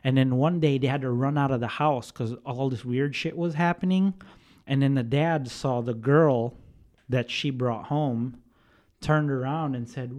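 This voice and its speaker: A man's voice: medium pitch, unhurried. A man casually telling stories on a podcast, swearing a lot. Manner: swearing, animated storyteller. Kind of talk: casual chat.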